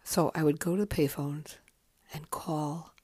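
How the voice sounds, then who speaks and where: Brief: woman, 50s, deep voice, casual podcast memoir, frank and foul-mouthed, dry close recording. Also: fairly even intonation, unhurried, mellow, husky, no room sound. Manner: candid, profane and chatty. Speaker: podcast host.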